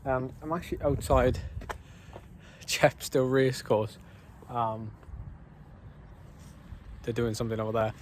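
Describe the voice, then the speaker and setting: A man's voice: mid-range voice, measured pace, long pauses, slight background noise, low-quality recording. A man chatting casually to a handheld camera outdoors during a long bike ride, rambling with plenty of fillers. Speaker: cyclist vlogger.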